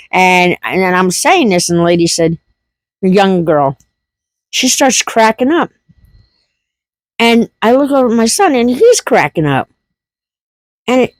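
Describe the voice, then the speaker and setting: A woman's voice: mid-range voice, very animated, measured pace, long pauses, no room sound. A woman telling a funny family story in a casual, laughing, folksy way. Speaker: homesteading vlogger.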